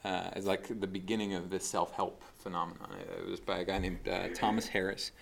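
A man with a very low, gravelly voice delivers a relaxed sermon. He talks conversationally, full of fillers and restarts. It sounds like a pastor teaching, not performing. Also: fairly quick, a little hiss or hum. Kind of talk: casual sermon.

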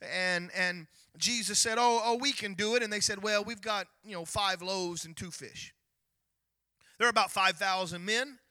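High, bright-voiced preaching man. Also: moderate pace, no room sound. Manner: emphatic preaching, rising to near-shouts, retelling scripture in lively voices. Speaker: pastor. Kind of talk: sermon.

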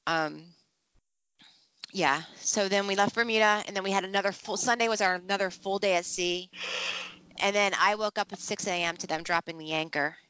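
A woman's voice: mid-range voice, normal speed, smooth, dry recording. Chatty woman on a podcast, acts out her reactions, dry dull-ish sound. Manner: animated storytelling, acts out her own reactions. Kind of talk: casual chat.

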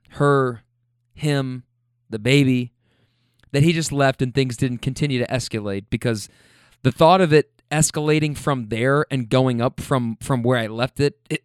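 A man's voice: medium pitch, clear, resonant tone, dry recording, studio quality. A man telling a casual story about a couple he drove, loose, chatty and profane.

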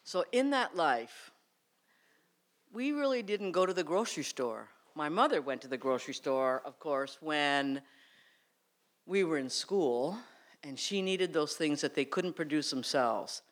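A man from Vermont telling a story on a theater stage to a live audience, relaxed and wry. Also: fairly high pitch, unhurried.

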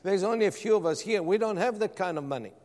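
A man voicing doubtful church members who question their pastor, speaking quickly and incredulously. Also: sits high, animated, darkish tone, big-room sound, voice pushed up.

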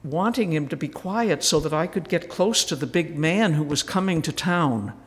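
Gentle man telling stories in a hall. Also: a little high, animated, normal speed. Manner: gentle storytelling, soft asides. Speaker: retreat speaker. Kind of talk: reflective spiritual retreat talk. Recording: roomy hall with faint noise.

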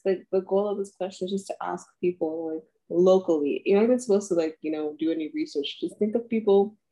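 A woman interviewing a friend in a relaxed, encouraging way and laughing often. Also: on the low side. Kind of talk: casual interview chat.

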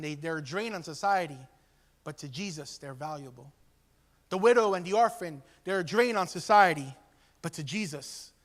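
A man's voice: high voice, fairly bright tone. A man preaching a conversational sermon as pastor, acting out quoted voices along the way. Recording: long hall reverb.

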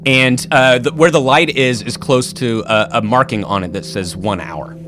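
A man narrates a tabletop game as game master at a middling pitch. His descriptions are loose and searching. He pauses often for fillers. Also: noisy background.

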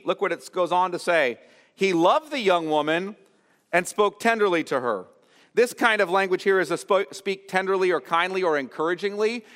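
A man preaching an expository sermon as pastor, earnest and explanatory, often pausing to restate a phrase. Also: a little high, fairly bright tone, long reverb tail. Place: church sanctuary.

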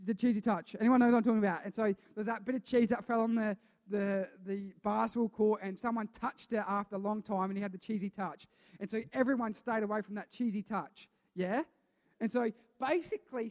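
High-voiced male pastor in a reverberant hall. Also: brisk, darkish tone. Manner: chatty, repeats himself, asks the congregation questions. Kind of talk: sermon. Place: church hall with a congregation. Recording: long reverb of a church hall.

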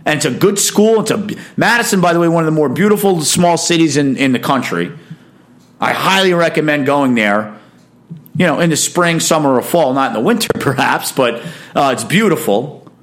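A man's voice: on the high side, lively intonation, normal speed, a bit bright. A man hosting a casual sports talk show, giving emphatic, opinionated commentary in a chatty monologue.

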